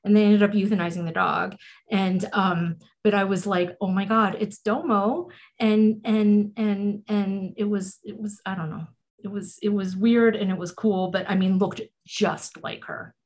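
A woman with a gravelly edge to her voice chats on a podcast. She mostly backs her co-host with short agreements, then tells her own story in a relaxed, conversational way. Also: medium pitch, a little slow. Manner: encouraging listener, frequent "mm-hmm" and "right". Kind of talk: casual chat.

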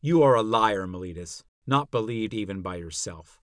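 A man's voice: fairly low pitch, expressive, normal speed, no echo, studio quality, close to an everyday voice. A man voicing an elderly philosopher on trial, questioning his accuser in a rhetorical, pointed way. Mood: probing, indignant. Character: elderly male philosopher on trial, probing and ironic. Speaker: podcast narrator. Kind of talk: dramatic reading of a classical dialogue.

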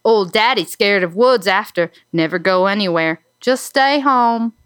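A woman reading aloud as a rough-spoken backwoods woman in a put-on Southern accent, with broken, crude grammar. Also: medium pitch, a little slow, a bit bright, no room sound, studio quality, lightly acted. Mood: aggrieved. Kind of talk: reading a letter aloud in character.

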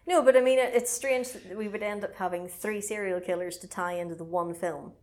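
A woman co-hosting a casual podcast, retelling a film in a chatty, animated way. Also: mid-range voice, fairly quick. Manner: chatty, animated storytelling with laughs. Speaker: podcast co-host recapping a film. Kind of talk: casual chat.

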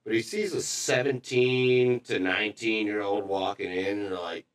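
Young man, lowish voice, bar manager guest, laid-back profane chat, mimics people. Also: moderate pace. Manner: easygoing, profane, slips into mocking voices. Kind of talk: casual chat.

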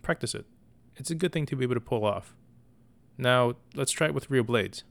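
A man's voice: mid-range voice, expressive, creaky, fairly bright tone. A man voicing a confident, good-humored young knight who encourages and teases his brother. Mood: encouraging. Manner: encouraging, smirking, brisk.

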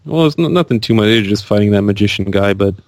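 A man's voice: fairly low pitch, expressive, fast, crowd noise. A man co-hosting a podcast, chatting casually in a laid-back way with brief replies. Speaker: podcast co-host.

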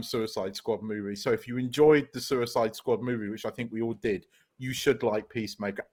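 A man co-hosting a podcast, chatting casually and retelling scenes with lots of laughter. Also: medium pitch. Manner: animated, laughing storyteller. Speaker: podcast co-host. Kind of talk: casual chat.

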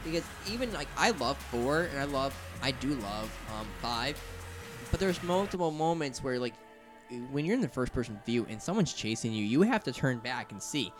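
A man co-hosting a casual gaming podcast, talking in an animated, rambling and jokey way. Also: mid-range voice, normal speed. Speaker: podcast co-host. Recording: music playing underneath.

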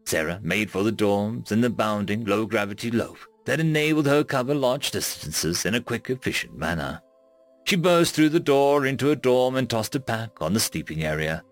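A man narrating a science fiction story in a measured, expressive reading. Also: fairly low pitch.

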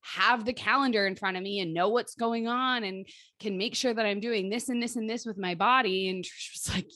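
A woman in her thirties, co-hosting a casual podcast chat and telling stories with lively, animated delivery. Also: mid-range voice, a little fast, dry recording, clean studio sound. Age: 30s. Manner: lively, animated storytelling with quoted voices and laughs. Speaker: podcast co-host and life coach.

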